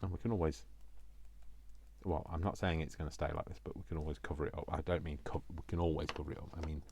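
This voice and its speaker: A man with a deep, low-pitched voice hosts a casual crafting video. He rambles cheerfully and pokes fun at himself. He keeps breaking off to talk to himself as he works at his table. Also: fairly even intonation, fast, darkish tone, husky. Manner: rambling, self-mocking, talks to himself. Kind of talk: casual crafting chat while working.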